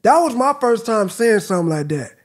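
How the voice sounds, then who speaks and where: A man's voice: high-pitched, very animated. A young man hosting a reaction video, chatting casually in an amused, laid-back way. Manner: laid-back, amused, talks slowly with drawn-out remarks. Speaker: reaction channel host.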